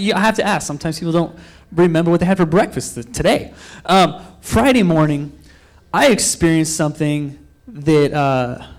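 Young man preaching with a high voice. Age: young adult. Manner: storytelling, animated quotes of himself and others; loose, rambling with frequent fillers and restarts. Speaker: pastor. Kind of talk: sermon.

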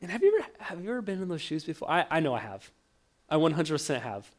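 Guy preaching, slightly high voice, acts out the quotes, stumbles and restarts a lot. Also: fast talker. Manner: animated storytelling, acts out quoted lines, stammers restarts. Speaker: pastor. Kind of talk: sermon.

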